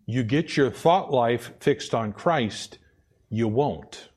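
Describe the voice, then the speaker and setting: A man's voice: medium pitch, takes it slowly, slightly rough. A man preaching a sermon, repeating key phrases for emphasis and often stumbling and restarting. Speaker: pastor.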